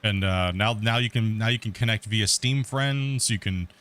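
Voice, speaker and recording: Lowish and a bit bright, this middle-aged man's voice moves at an ordinary pace. Hosting a multiplayer stream, he offers laid-back gameplay commentary, wandering off-topic and restarting his thoughts frequently.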